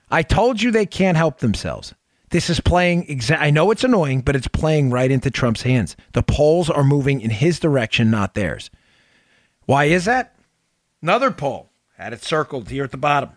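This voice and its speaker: High-voiced man delivering political commentary. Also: expressive, normal speed, no echo, clean studio sound. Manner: emphatic, sarcastic, repeats phrases for effect. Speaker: podcast host.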